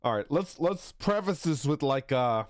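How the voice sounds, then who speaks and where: Lively, playful male streamer. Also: normal speed, dry recording, clean studio sound. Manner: playful and teasing, bursts into high squeaks and laughter. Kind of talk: casual live-stream game commentary.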